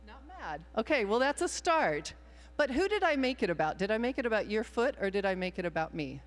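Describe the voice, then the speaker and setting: A fairly high, very animated woman's voice comes fairly quickly as this minister leads a playful children's time in worship. Improvising and cheering on the young people, she speaks in a church sanctuary whose long hall reverb carries her voice.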